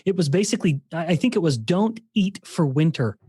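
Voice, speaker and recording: A man with a fairly high, husky voice and a dark tone speaks animatedly and a little fast, with no room sound. He's a scientist guesting on a podcast interview, explaining ideas as he thinks aloud and restarting sentences often.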